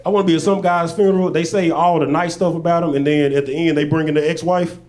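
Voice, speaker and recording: A man from Arkansas, doing stand-up storytelling on stage with laid-back, deadpan asides. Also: a little high, quick pace, crowd noise. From Little Rock, Arkansas. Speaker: stand-up comedian. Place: stage at a live show.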